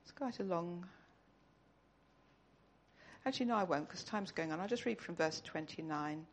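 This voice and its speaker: A woman's voice: fairly low pitch, animated, moderate pace, a little hiss or hum. A woman giving an earnest, conversational sermon in church. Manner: earnest, conversational, tearful at the close. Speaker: church speaker.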